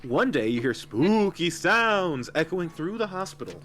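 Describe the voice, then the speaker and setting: A man reading out game prompts in casual tabletop chat, animated and quick to laugh. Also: on the high side, over music.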